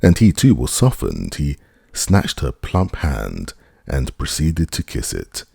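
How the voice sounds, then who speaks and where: A man reading a classic novel aloud as an audiobook narrator, with measured, expressive delivery. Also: extremely low pitch, vocal fry, slightly rough, dry recording, clean studio sound. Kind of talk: scripted narration.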